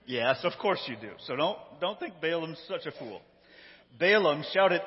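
Male preacher, animated storyteller, fairly high voice, long hall reverb. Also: moderate pace. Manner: lively, acts out quotes, laughs often. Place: hall with live audience. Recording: dull sound, echoey hall.

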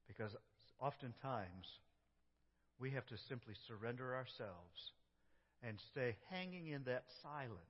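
Man preaching a dramatic sermon. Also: medium pitch. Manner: dramatic, swings between loud cries and hushed prayer. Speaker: pastor. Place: church sanctuary. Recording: dull, echoey church sound.

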